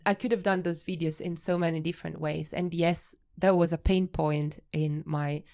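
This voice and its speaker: An Italian-accented woman with a low voice and a gravelly edge, speaking as a guest researcher on a podcast. She hesitates and restarts often, then gets animated when she explains her work. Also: moderate pace. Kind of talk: podcast interview.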